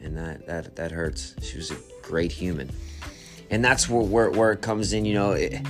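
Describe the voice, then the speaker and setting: A man with a deep, low voice shares a personal testimony. He speaks quietly and haltingly, stumbling over repeated words and restarting sentences as he searches for what to say. Faint music plays softly behind him. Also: fairly even intonation. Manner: quiet, reflective storytelling.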